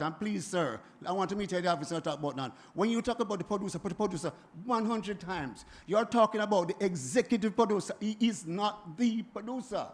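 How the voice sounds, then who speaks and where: A Jamaican man in his seventies, speaking at a forum in an animated, emphatic way that keeps circling back and repeating itself. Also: high-pitched, fast talker, hardly any pauses. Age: 70s. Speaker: music producer speaking at a forum. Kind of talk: impassioned spoken address.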